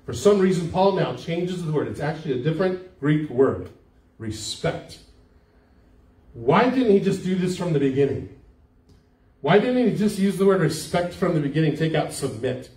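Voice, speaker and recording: An older pastor delivers a sermon in a warm, mellow, slightly high voice with big pitch swings at a moderate pace, keeping it conversational and turning questions back to the congregation. The sound is roomy and echoey, picked up from far back in the church sanctuary.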